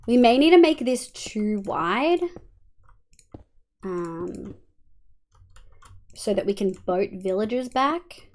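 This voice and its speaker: A woman with an Australian accent casually streams a game, chatting with viewers and rambling with plenty of ums, muttering as she builds. Her voice is medium in pitch, expressive and slow, with frequent pauses.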